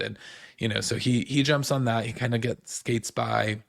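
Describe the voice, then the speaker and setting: Male host for a casual TV recap: rambling and animated, slight vocal fry, dry recording. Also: on the low side, moderate pace, dry recording. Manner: rambling, full of "like" and "um" fillers; animated, puts on the cast's voices in quotes.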